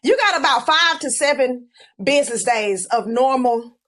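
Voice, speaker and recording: A woman's voice: sits high, expressive, normal speed, a bit bright. A woman co-hosting a podcast in casual chat, playful and joking, laughing often. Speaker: podcast co-host.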